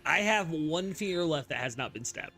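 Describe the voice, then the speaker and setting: A player in a tabletop game who sounds expressive and swears freely. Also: medium pitch, moderate pace, faint music behind.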